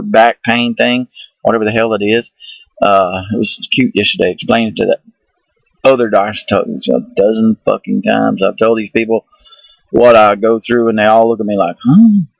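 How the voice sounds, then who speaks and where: A man's voice: on the low side, moderate pace, creaky, no room sound, rough recording. Rambling, swearing man telling a story. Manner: rambling, excitable, swears often, laughs at himself. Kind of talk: casual profane storytelling.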